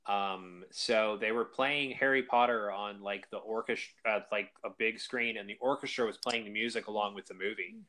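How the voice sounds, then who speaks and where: A man's voice: lowish voice, moderate pace, hardly any pauses, pushed and bright. A man, a convention organizer, chatting enthusiastically in a podcast interview with lots of fillers. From South Carolina. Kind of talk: casual interview chat.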